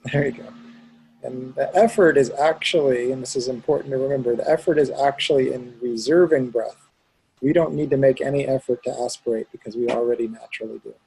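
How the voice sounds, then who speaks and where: A male teacher in a one-on-one pronunciation lesson, patiently demonstrating each sound aloud. His voice is gravelly and raspy, with a deep grainy texture. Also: a little fast, warm tone, low-quality recording.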